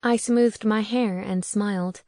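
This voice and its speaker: A woman's voice: medium pitch, steady tone, measured pace, mellow, no echo. A woman narrating a first-person audiobook in a wry, conversational way on a close studio mic.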